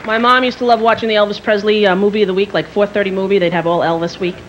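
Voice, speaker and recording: A woman in her thirties doing a stand-up comedy routine on a theater stage, telling stories in an animated way and acting out other people. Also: mid-range voice, racing, dull audio, slight background noise. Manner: animated storytelling, acting out characters. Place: theater stage before a live audience. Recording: 1990s TV broadcast with loud crowd.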